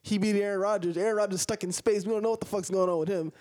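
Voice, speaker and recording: A man's voice: sits high, fairly even intonation, racing, a little mellow, dry recording. A young man co-hosting a podcast, talking sports in a laid-back, casual way with frequent swearing. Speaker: podcast co-host.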